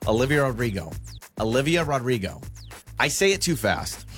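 Lively, playful male co-host. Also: mid-range voice, normal speed, music in the background. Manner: tries tongue twisters, laughs at own slips. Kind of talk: playful casual chat.

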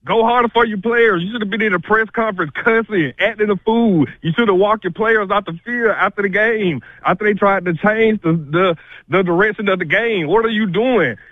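Breathless high-voiced man ranting by phone. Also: dry recording. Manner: livid, rapid ranting. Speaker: caller. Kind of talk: call-in rant. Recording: tinny phone line.

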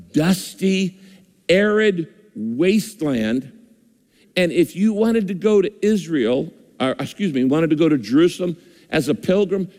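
A man preaching a sermon, emphatic and repetitive, speeding up and slowing down for effect. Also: on the high side, warm tone. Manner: emphatic, repeats phrases, shifts between fast and slow. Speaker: pastor. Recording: long hall reverb.

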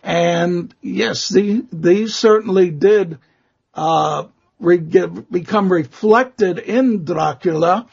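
A man telling old vampire cases in a slow, halting way, with many pauses and fillers, as an interview guest. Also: high-pitched, vocal fry, a little mellow, slightly rough. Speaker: guest expert on vampire lore. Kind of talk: conversational storytelling interview. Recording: muffled lo-fi audio.

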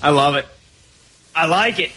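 A man's voice: a little high, measured pace, pushed and bright, faint music behind. Chatty, opinionated male sports radio host. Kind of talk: casual sports talk. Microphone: studio microphone.

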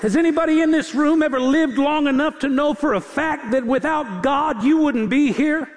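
A man's voice: extremely high pitch, moderate pace, a faint crowd. A man preaching a sermon as pastor, with emphatic, rhythmic repetition. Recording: long hall reverb.

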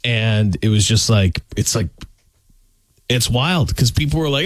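A man's voice: medium pitch, animated, a little slow, no echo, clean studio sound. A man co-hosting a radio show in casual banter, joking and rambling, often trailing off and restarting.

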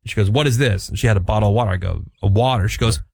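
A man's voice: on the low side, racing, vocal fry, no room sound. A middle-aged man, hosting a casual talk show and telling stories, acting out the quotes in them. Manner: animated storyteller, acts out quotes. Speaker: radio show host.

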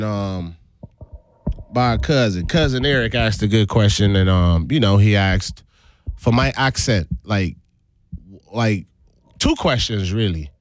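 A male radio host in casual chat who keeps slipping into a put-on West Indian accent and laughs often. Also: lowish voice.

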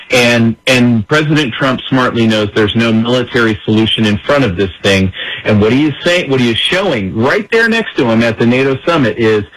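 A man's voice: medium pitch, fairly bright tone, poor audio. A man giving emphatic political commentary in an interview, acting out the words of others as he explains. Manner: emphatic, acts out quoted speech.

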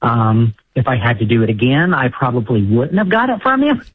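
A man in his sixties calling in to a radio show, agreeable and halting as he talks. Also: mid-range voice, expressive, breathy edge, no echo. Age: 60s. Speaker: caller. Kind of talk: call-in radio conversation. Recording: phone-line caller audio.

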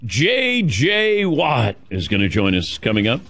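Animated male talk radio host. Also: mid-range voice, unhurried, no echo. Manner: emotional, rambling storyteller. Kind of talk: casual call-in talk.

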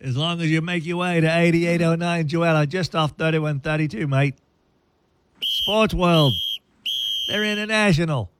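A man's voice: a little high, normal speed, clean tone, pitched above the performer's own voice, natural voice. Man putting on a chipper Australian announcer. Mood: cheery. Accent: put-on Australian. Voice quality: bright, upbeat delivery with slang. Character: cheery Australian male ad announcer, rugby fan. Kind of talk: radio ad read in character.

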